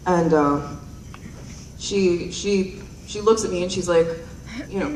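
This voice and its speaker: A young stand-up comedian on stage at a performance night tells rambling, self-deprecating stories into a handheld mic, full of ums and giggles. Her voice is lowish, slow and a little mellow. A roomy hall mic picks her up from a distance, with slight background noise.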